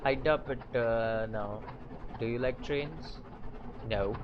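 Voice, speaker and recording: A man playing a story game, mixing casual commentary with halting read-aloud of the game's text, often stumbling and restarting. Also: mid-range voice, muffled recording, background noise. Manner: halting reading with frequent fillers and restarts. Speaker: gaming channel host.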